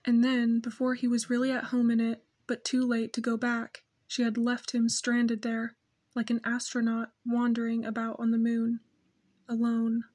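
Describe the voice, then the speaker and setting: A woman reading a novel aloud in steady, measured scripted narration. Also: a little high. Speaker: audiobook narrator.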